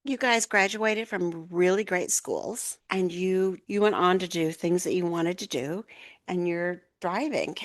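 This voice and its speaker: A woman's voice: lowish voice, unhurried. An older woman, the mother of the other speakers, chatting playfully in a casual podcast and teasing her daughters. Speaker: guest, mother of the hosts.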